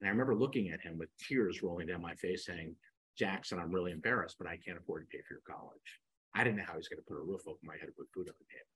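Husky, bright-voiced man telling stories. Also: lowish voice, rough recording. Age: 60s. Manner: animated storyteller acting out quoted dialogue. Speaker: podcast guest. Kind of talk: storytelling in a podcast interview.

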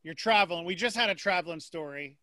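A male podcast host in a casual interview, upbeat and asking quick questions. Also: sits high, sharp tone, dry recording.

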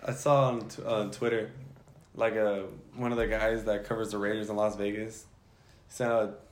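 A man's voice: fairly low pitch, level tone, normal speed. A young man chatting casually as a podcast co-host, laid-back and profane, often answering in short replies. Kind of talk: casual chat. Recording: echoey room with faint noise.

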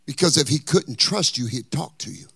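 A man's voice: on the high side, expressive, moderate pace, vocal fry, sharp tone, slightly rough, dry recording. A man preaching a sermon as pastor, impassioned, with a chanted, singsong cadence.

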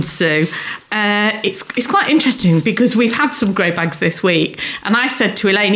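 A woman's voice: medium pitch, fairly bright tone. A woman co-hosting a gardening podcast, chatting and explaining practical advice. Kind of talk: casual chat.

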